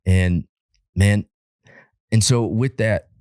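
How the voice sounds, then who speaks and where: A man from Alaska, a firefighter guest on a podcast, telling stories in a rambling, animated way and swearing freely. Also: fairly low pitch, slow, no echo, clean studio sound. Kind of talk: casual podcast conversation.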